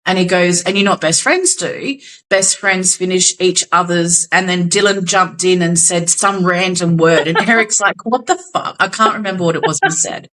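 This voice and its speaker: A woman's voice: on the low side, moderate pace, hardly any pauses, a bit bright, poor audio. A young Australian woman co-hosting a podcast, telling a gig story in casual chat, acting out quotes and swearing casually. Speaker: podcast co-host.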